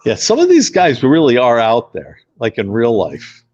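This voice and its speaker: A man's voice: mid-range voice, huge pitch swings, normal speed, a little mellow, lo-fi sound, soft background music. A man co-hosting a podcast in casual chat, reacting with enthusiasm and swearing freely. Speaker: podcast co-host.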